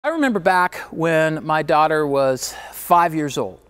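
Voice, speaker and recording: A middle-aged man giving a motivational keynote, telling a story emphatically and dropping to a hush at times. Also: a little high, big pitch swings, a little slow, smooth. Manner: emphatic, swings from driving to hushed.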